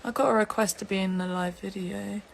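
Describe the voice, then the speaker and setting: A woman's voice: medium pitch, fairly even intonation, fairly quick, gravelly, slight background noise. A young woman from England, chatting casually and giggling on an Instagram live stream. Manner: giggly and chatty, laughs often.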